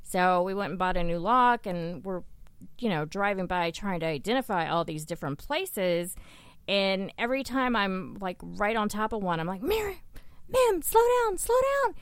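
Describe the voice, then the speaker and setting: A woman's voice: fairly low pitch, moderate pace, a bit bright, smooth, dry recording. A woman co-hosting a podcast in casual chat, teasing her partner and laughing often. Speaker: podcast co-host.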